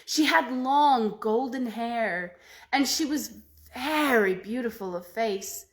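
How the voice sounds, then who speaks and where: A woman storyteller telling a folk tale aloud in an expressive way, with slow dramatic pauses. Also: on the high side.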